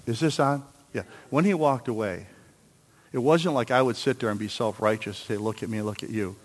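A man in his sixties preaching a sermon in a church, telling a story and then building to loud, emphatic exhortation. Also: medium pitch, normal speed, big-room sound. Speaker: pastor.

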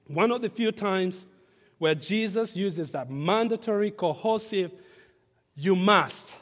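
A man's voice: high voice, slow pace. A man preaching a sermon to a congregation, emphatic and repetitive, leaning on key phrases and inviting the listeners to read along. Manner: emphatic, repeats phrases, varies loudness for stress. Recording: reverberant hall.

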